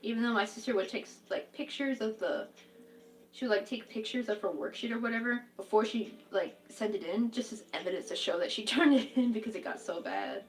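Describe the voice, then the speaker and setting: A young woman chats her way through a crochet live stream, reacting to viewers' comments and filling her talk with "like." Her voice sits a bit high. She sounds a little distant from the microphone. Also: a little fast. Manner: chatty, reacting to viewers' comments, heavy use of "like". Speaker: crochet livestream host. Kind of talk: casual chat while crocheting on a live stream.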